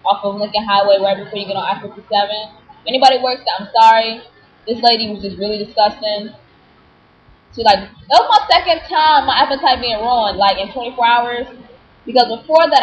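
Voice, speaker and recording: A woman telling an animated, indignant story in a casual vlog, full of fillers. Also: mid-range voice. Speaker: vlogger. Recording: dull lo-fi webcam audio with faint hiss.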